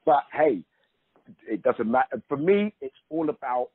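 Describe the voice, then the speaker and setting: A middle-aged man with a mid-range, breathy-edged voice sounds very animated but speaks a little slowly, recorded dry over a narrow, phone-like line. Chatting casually as an interview guest, he's emphatic, restarts sentences and says "you know" a lot.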